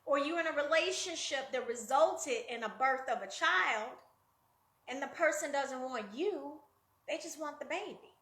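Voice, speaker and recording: A woman's voice: high voice, a little slow, a bit bright, roomy sound. A woman life coach giving a conversational motivational talk, addressing listeners directly and acting out quoted voices with big jumps.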